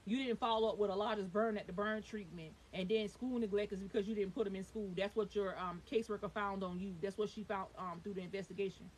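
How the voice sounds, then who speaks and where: A young woman vlogging about her own life, talking fast and emphatically and swearing when upset. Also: medium pitch, breathy edge, rough recording. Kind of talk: heated personal storytelling. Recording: faint hiss.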